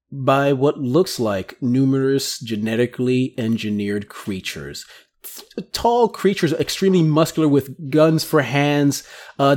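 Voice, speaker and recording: A man narrating as game master in a tabletop game, describing scenes briskly with small stumbles. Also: mid-range voice, a little mellow.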